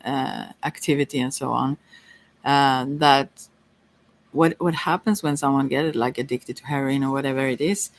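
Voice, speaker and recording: A woman giving a casual live-stream tarot reading, chatty and giggly, pausing often with fillers as she talks things through. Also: rumbling low. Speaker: tarot reader.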